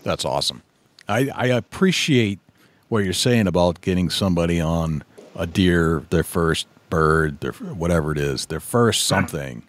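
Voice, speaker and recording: A middle-aged man hosting a podcast, affirming his guest and telling his own stories in a measured way. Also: low-pitched, lively intonation. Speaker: podcast host. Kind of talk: casual conversation.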